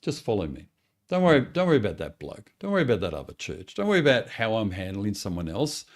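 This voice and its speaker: A man voicing Jesus as a calm, patient teacher who gently corrects in a conversational way. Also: lowish voice, fast. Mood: gently firm.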